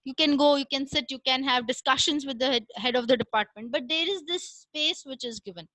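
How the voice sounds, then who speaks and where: Bright high-voiced woman lecturing. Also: no room sound, poor audio. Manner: explains step by step with frequent "uh" pauses and "right?" checks. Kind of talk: recorded classroom lecture.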